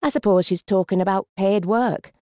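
A woman voicing a polite, quietly subdued shop volunteer in her mid-thirties. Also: medium pitch, normal speed, dry recording, studio quality, voice pushed up, lightly acted.

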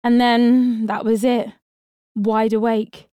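A woman voicing a quick, wry young woman who teases in a dry, quick way. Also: a little high, little pitch movement, warm tone, clean tone, no echo.

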